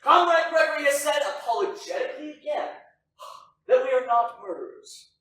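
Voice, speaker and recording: A man's voice: very high-pitched, expressive, moderate pace, pushed and bright, exaggerated voice. A man playing a fiery anarchist firebrand. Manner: impassioned, declaiming. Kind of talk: amateur stage acting. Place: church hall stage, from far off. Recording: echoey hall, distant mic, faint noise.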